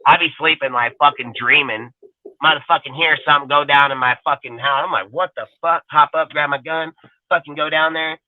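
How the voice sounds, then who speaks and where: A man co-hosting a podcast, telling rough street stories in a loud, crude, profane way; he is from Northern California. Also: a little high, fairly even intonation, brisk, dry recording. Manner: loud, crude, constant swearing. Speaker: podcast co-host. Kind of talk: profane casual storytelling. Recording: tinny phone-like line.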